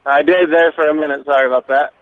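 A man's voice: on the high side, steady tone, fast, no echo. A man from Washington calling into a radio show from his tractor, speaking plainly and hesitantly. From Washington state. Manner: plain-spoken, hesitant with fillers. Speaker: caller. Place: tractor cab. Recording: phone line from a tractor.

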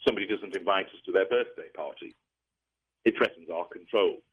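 A man explaining things in a measured, lecturing way during an interview, heard over a tinny phone-like line. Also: deep voice, breathy edge. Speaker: interview guest.

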